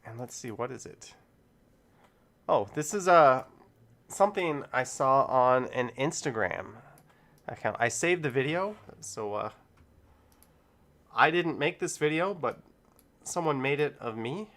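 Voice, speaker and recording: A middle-aged man talks loosely to his live-stream viewers. He rambles, chuckles, and drifts between topics. His voice sits at an ordinary pitch. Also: expressive, measured pace, long pauses, a bit bright. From Canada. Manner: rambling, easygoing, chuckles often. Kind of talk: casual live-stream chat.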